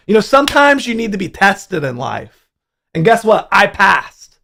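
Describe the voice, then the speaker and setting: Gravelly young man telling wild stories. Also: sits high, normal speed. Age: young adult. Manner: profane, animated storyteller. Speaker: livestream host. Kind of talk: casual livestream storytelling.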